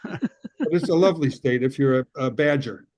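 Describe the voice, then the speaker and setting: A man in his sixties from Chicago doing a rambling stand-up set with deadpan jokes over a video call. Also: medium pitch, moderate pace. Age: 60s. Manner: rambling deadpan jokes, puts on character voices. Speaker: stand-up comedian.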